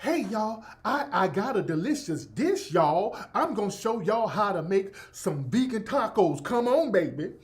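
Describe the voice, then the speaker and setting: A man's voice: sits high, sing-song, measured pace, few pauses. A man doing an exaggerated impression of a sweet Southern woman cooking-show host, with a mock Southern US accent, sing-song and coaxing. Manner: sing-song, coaxing, calls everyone baby.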